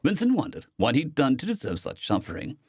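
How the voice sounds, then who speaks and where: A man narrating a science fiction story as an audiobook reader, expressive in delivery. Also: medium pitch, brisk, no room sound, clean studio sound. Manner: expressive, with lively intonation.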